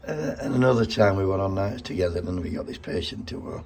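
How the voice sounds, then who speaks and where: Gravelly man, blunt and heartfelt. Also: deep voice, fast talker, a little mellow, slight background noise. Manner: blunt, heartfelt, swears freely. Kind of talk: personal spoken tribute.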